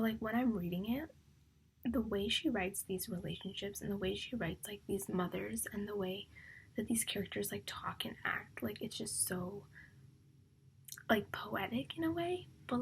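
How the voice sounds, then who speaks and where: A woman's voice: mid-range voice, creaky, slight background noise. A young woman chatting about her reading on a vlog, rambling and emotional, often dropping into a whisper. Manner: filler-heavy, repeats "like". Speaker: book vlogger. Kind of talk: casual reading vlog chat.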